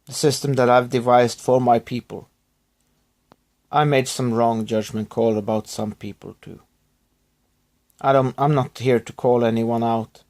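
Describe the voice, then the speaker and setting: Male vlogger, subdued and halting, recovering from illness, apologetic in tone. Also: mid-range voice, steady tone, a little mellow. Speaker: YouTuber thanking subscribers. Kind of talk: rambling personal vlog.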